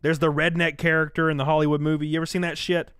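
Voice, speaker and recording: Southern guy, young, live-stream host, lively and foul-mouthed, dry close mic, slightly high voice. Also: fast, clear, resonant tone, dry recording. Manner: animated, profane, reads out chat donations. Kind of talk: casual live-stream commentary.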